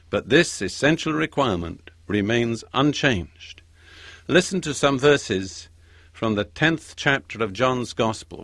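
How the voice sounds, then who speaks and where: A man preaching a measured sermon, leaning hard on each line of scripture he reads. His voice sits at an ordinary middle pitch. The sound is dry and close, with no room around it. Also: a bit bright, dry recording. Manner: measured, emphatic scripture reading.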